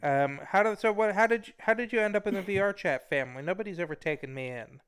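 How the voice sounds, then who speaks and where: Male talk show host, slightly high and smooth-voiced, teasing, playfully rude. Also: expressive, fast, fairly bright tone. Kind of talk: casual interview in VR.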